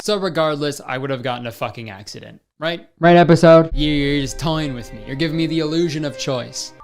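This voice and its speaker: A man giving comedic commentary on a story game, sarcastic and deadpan, with frequent profanity. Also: mid-range voice, fast, gravelly, music in the background. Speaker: gaming commentator.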